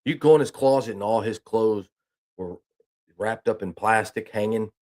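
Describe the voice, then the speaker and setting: A man's voice: on the low side, moderate pace, darkish tone. A man hosting a news talk stream, telling a rambling folksy story and reading news aloud in a casual way. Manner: rambling, folksy, with restarts and "I mean".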